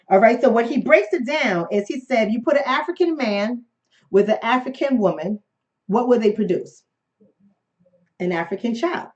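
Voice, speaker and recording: A fairly high-voiced woman leads a live-streamed book discussion as host. She presses her points by repeating phrases and firing rhetorical questions. The audio comes through dull and lo-fi. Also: a little mellow.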